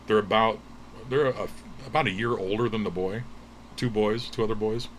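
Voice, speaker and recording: A man narrating as game master of a tabletop game in a relaxed, storytelling way. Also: on the low side, a little hiss or hum. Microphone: livestream mic.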